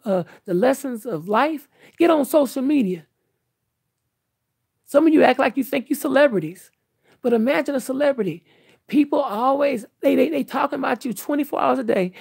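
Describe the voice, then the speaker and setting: A woman's voice: sits high, creaky, darkish tone, husky, no room sound. An older woman talking candidly to her viewers in an earnest, emphatic, outspoken way. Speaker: vlogger.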